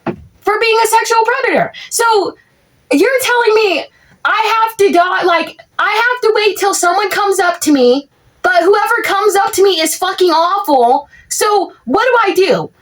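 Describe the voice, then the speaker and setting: A young woman with a strikingly high voice rants through a comic monologue. She rambles and vents in exasperation, piling on filler words as she goes. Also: expressive, unhurried. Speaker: content creator. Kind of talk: comedic POV rant monologue.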